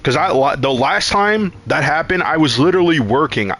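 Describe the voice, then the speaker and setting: A man with a somewhat high, animated voice and a fairly bright tone talks at a normal speed while streaming a game. He tells a long, rambling story full of swearing, acting out quotes in a raised voice, casual storytelling as he plays.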